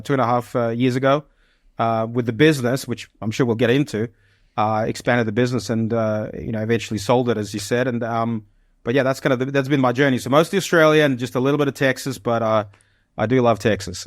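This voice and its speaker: A man in his forties, from the Soviet Union, talks as an interview guest. He rambles, full of fillers and restarts, at a middling pitch. The sound is dry and close, with no room around it. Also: no room sound. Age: 40s. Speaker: podcast guest, business founder. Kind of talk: casual interview storytelling.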